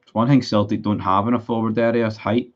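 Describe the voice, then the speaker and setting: A man's voice: on the low side, little pitch movement, fast, lo-fi sound. A Scottish man streaming a live football watchalong, chatting with his viewers, frustrated and sweary about his team. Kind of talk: live match watchalong commentary.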